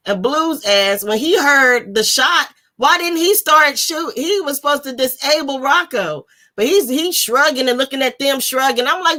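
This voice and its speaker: A woman's voice: high-pitched, normal speed, few pauses, pushed and bright. A woman hosting a live book discussion, chatting casually with slang and frequent laughter.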